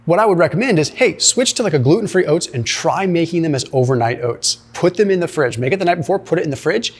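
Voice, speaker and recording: A man giving energetic nutrition commentary, explaining at length and often checking in with "right?" and "okay?". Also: fairly high pitch. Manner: emphatic, explanatory, peppers speech with "right?" and "like". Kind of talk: commentary reacting to a clip.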